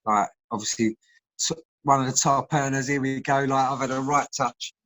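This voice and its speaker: Over a video call, a former footballer tells stories in casual chat, laughing often as he goes. His medium-pitched voice is steady and a bit bright, at normal speed, in a low-quality recording.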